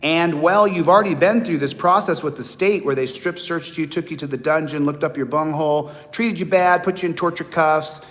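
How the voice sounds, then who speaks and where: A man in his late forties talking to viewers in a blunt, animated monologue, acting out other people's voices. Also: fairly high pitch, normal speed, few pauses. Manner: blunt, profane. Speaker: host. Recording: long hall reverb.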